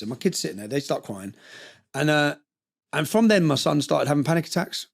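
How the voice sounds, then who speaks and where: Man, interview guest, gravelly and rapid, emotional rambling storyteller. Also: fairly high pitch, expressive. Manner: passionate, rambling with restarts.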